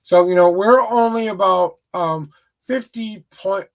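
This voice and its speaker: A man with a notably high voice, talking casually to his livestream viewers. He gives an upbeat, motivational little speech and keeps things easygoing. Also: a little slow. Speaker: tarot reader livestream host.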